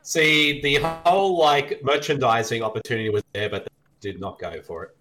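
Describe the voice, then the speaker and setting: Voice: mid-range voice, moderate pace, fairly bright tone. A podcast co-host chatting casually during a movie watch, giggling often and slipping into playful bits. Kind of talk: casual movie commentary chat.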